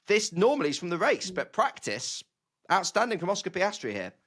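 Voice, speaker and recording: Man, bright voice, excitable, restarts sentences, podcast co-host. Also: sits high, fairly quick. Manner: chatty, excitable, stumbles and restarts. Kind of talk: casual chat.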